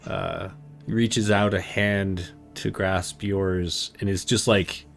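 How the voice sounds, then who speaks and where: A man narrating as game master of a tabletop game, relaxed, with many fillers. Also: low voice, slow, creaky, soft background music.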